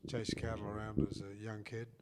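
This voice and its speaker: Older Australian man, halting. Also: lowish voice, little pitch movement, a little mellow. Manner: slow, halting, repeats words. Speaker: co-host. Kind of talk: casual chat.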